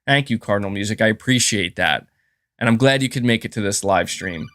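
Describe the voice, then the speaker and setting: A man's voice: lowish voice, brisk, a bit bright, no echo. A man hosting a live stream, giving heated, profane commentary and reading out chat messages. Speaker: livestream host.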